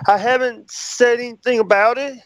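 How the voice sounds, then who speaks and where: A man calling into an online hangout show from a home mic, talking haltingly, repeating himself and breathing heavily. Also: very high-pitched, fairly even intonation, fairly bright tone, poor audio. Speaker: caller. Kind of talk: casual online hangout chat.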